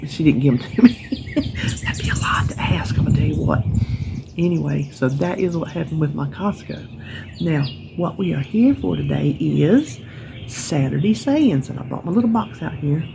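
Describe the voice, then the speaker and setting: A woman's voice: deep voice, expressive, normal speed, creaky, dark tone, a little hiss or hum. A woman with a Southern US accent chatting casually on a porch, a rambling folksy storyteller. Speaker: vlogger. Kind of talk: casual chat vlog. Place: outdoors on a porch with birds around.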